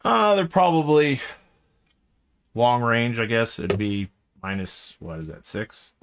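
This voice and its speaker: A man's voice: mid-range voice, expressive, clean tone. A man acting as game master, narrating a tabletop game in a rambling way full of fillers. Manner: rambling, filler-heavy narration with quick character voices.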